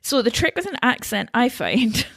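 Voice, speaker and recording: A woman's voice: fairly high pitch, sing-song, moderate pace, vocal fry, fairly bright tone. A woman chatting casually as a podcast guest, laughing often and joking about herself. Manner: laughs often, self-deprecating. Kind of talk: casual chat.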